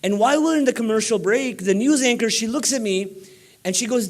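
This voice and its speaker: A man with a fairly high voice delivers a banquet keynote with emphatic, exhorting energy. He presses his points directly to the crowd in a large banquet room. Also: lively intonation, moderate pace. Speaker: keynote speaker. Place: banquet room before about four hundred people.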